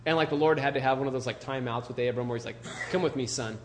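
A man's voice: medium pitch, fairly even intonation, rapid-fire, slight background noise. A male pastor preaching a casual, joking sermon and reading scripture, full of "you know" and "like".

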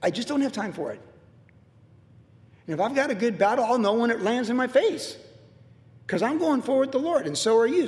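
A middle-aged man preaching a sermon as pastor, emphatic, swinging between loud declarations and hushed asides. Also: extremely high pitch, sing-song, a little fast, long pauses, long reverb tail.

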